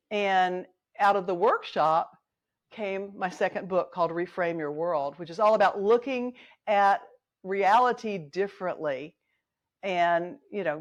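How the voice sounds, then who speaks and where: Middle-aged woman author as interview guest: candid, chatty storyteller, mid-pitched voice, acts out quotes. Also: muffled recording.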